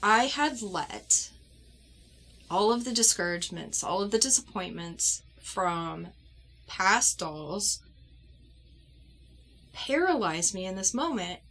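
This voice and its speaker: A woman doll-collector vlogger telling a personal story at home in an earnest, heartfelt way, pausing and restarting as she goes. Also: mid-range voice, animated, a bit bright.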